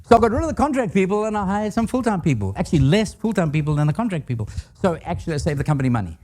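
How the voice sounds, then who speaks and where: A man's voice: sits high, sing-song, rapid-fire, darkish tone. An older man giving a leadership talk to a live audience, telling stories with humor and asking the audience questions. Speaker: guest speaker.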